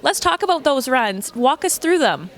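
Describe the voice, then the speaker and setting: Upbeat female event interviewer, bubbly, encouraging, slightly high voice. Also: sing-song, moderate pace, a bit bright.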